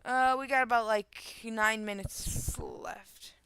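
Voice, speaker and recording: A woman's voice: on the high side, fairly even intonation, takes it slowly, a bit bright, clean tone, dry recording. A young woman streamer from the northern United States, reading online stories aloud and adding casual, swear-laden commentary. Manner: casual, swears and laughs in asides.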